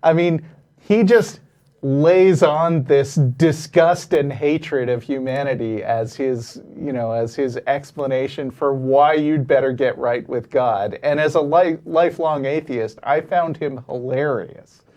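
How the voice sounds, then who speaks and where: A man co-hosting a call-in show with an ordinary mid-range voice. He talks in a dry, wry way, chuckling now and then and pausing to hunt for a name or a word. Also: mid-range voice, a little mellow. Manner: wry, chuckling, searches for words. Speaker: co-host. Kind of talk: casual call-in discussion.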